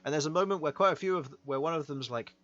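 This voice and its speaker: A man's voice: on the high side, rapid-fire, fairly bright tone, highs cut off. A man narrating as game master of a tabletop game, rambling with many fillers.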